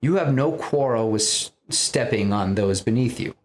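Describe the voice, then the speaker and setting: A man's voice: mid-range voice, expressive, moderate pace, a little hiss or hum, lightly acted. A man voicing a vengeful male villain who hunts gods, speaking in a scornful, accusing way.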